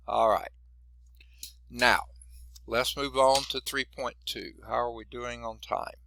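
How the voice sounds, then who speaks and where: Male math instructor, folksy lecture delivery, gravelly and bright, dry sound. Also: medium pitch, dry recording. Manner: folksy, chatty, asks the class questions. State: losing his voice. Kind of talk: classroom lecture.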